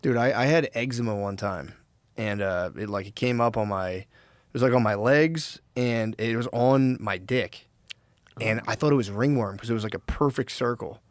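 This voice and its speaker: A man's voice: medium pitch, moderate pace, dry recording. A man guesting on a podcast, talking in a laid-back, slangy way in a studio. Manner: laid-back, slangy, says "dude" a lot. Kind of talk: casual podcast conversation. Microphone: close studio mic.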